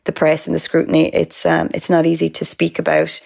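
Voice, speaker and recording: A young Irish woman co-hosting a podcast, telling stories in lively, laughing casual chat. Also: deep voice, brisk, creaky. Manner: animated storyteller, laughing. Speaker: podcast co-host.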